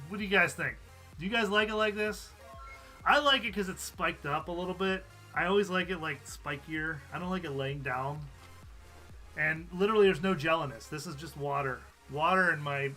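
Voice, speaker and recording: A man with a bright, forceful, somewhat high voice chats casually on his live stream. He reads viewer comments aloud, laughs often and rambles. Faint music plays behind him. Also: normal speed. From USA.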